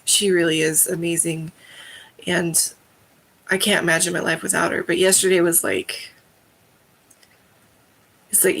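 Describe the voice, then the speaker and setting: A woman's voice: lowish voice, gravelly, fairly bright tone. A woman in her thirties hosting a live stream, chatting casually in a rambling, heartfelt way with many fillers. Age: 30s. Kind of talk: casual chat.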